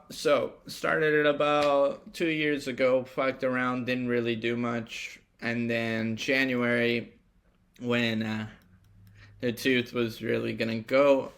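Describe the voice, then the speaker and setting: A young man rambles through a solo podcast at an unhurried pace, swearing easily and drifting into reflective thoughts. His voice has a gravelly fry with a bright, forward edge. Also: medium pitch. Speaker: podcast host. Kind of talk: casual solo monologue.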